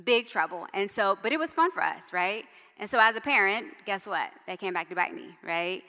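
A woman's voice: mid-range voice, lively intonation, normal speed, pushed and bright. A middle-aged woman preaching a sermon, telling personal stories in a conversational way with frequent "right?" asides. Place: church hall. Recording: long church hall reverb.

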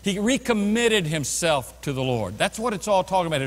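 A man with a high-pitched voice preaches a sermon from a church sanctuary, and his words ring out in a long hall reverb. He swings from loud, emphatic bursts down to hushed, lower passages. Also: big pitch swings, a little fast, hardly any pauses. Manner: preaching with sudden loud bursts and drops to quiet. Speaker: pastor.

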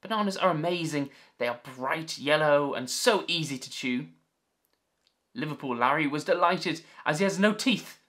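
A man's voice: a little high, expressive, moderate pace, fairly bright tone. A man voicing a bold old sea captain as he reads out his log, in a jolly, theatrical storybook style. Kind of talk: storybook reading.

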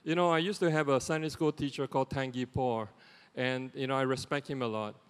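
A middle-aged man with a Singaporean English accent, giving a lay sermon in a conversational, animated way with lots of "you know" asides. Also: medium pitch, brisk, smooth. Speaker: lay preacher. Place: church sanctuary. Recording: long church reverb.

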